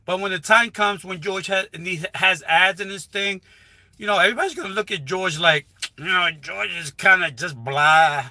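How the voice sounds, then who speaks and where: Man, high and bright-toned, rambling casual livestream advice, dry close phone sound. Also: a little fast, dry recording. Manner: rambling, repetitive, with frequent restarts. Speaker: livestreaming YouTuber. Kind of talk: casual live stream advice talk. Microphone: phone held while livestreaming.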